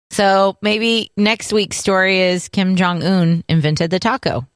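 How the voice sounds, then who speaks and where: Woman cohost joking around, deadpan sarcasm, dry close sound. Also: medium pitch, slow pace, smooth, no room sound. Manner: playful, jokey, deadpan sarcasm. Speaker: podcast co-host. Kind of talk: casual chat.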